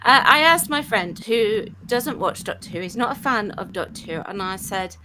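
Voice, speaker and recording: A woman co-hosting a podcast panel, talking in an animated, opinionated way. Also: medium pitch, moderate pace. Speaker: podcast co-host. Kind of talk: casual panel discussion. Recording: clear background noise.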